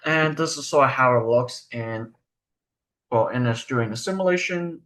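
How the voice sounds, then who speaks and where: A man's voice: medium pitch, normal speed, fairly bright tone. A young man giving a recorded research presentation, explaining step by step and asking rhetorical questions.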